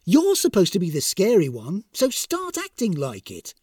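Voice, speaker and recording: A man playing a brisk archangel boss. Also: high-pitched, wildly swooping pitch, a little mellow, slightly rough, no echo, studio quality, recorded from a distance, exaggerated voice. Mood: impatient. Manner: brisk, reasoning, managerial. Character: harried, unflappable male archangel supervisor.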